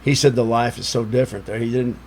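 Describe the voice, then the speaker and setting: A man's voice: mid-range voice, steady tone, fast, darkish tone. A man in his sixties from Chicago, telling rambling stories as a podcast guest, with lots of "you know" fillers. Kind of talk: casual storytelling chat.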